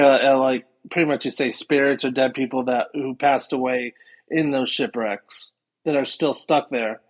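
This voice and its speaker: A man, a guest paranormal investigator, chatting casually on a podcast and rambling with many fillers. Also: mid-range voice.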